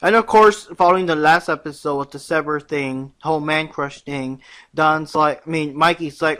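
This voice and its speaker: Higher-voiced young man, chatty fan recap. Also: moderate pace, smooth. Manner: animated, acts out quotes in voices. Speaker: podcast co-host. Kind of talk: casual fan chat about a cartoon.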